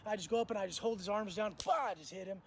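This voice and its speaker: Rapid-fire and high-pitched, a man spins casual prison tales in foul-mouthed street slang, performing other people's words as he goes. A little hiss or hum runs through the recording.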